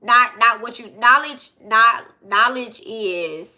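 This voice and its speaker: A woman's voice: on the high side, slow pace, pushed and bright. A woman giving a casual spiritual lesson, reading verses aloud and repeating herself, with frequent "okay?" and "right?" check-ins. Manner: repetitive, asks "okay?" and "right?" often. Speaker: spiritual teacher.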